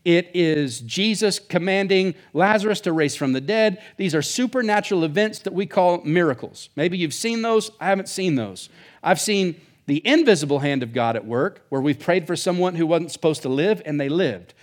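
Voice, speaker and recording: A man's voice: high-pitched, expressive, moderate pace. A male pastor preaching a sermon in a casual, joking way, full of asides. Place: church.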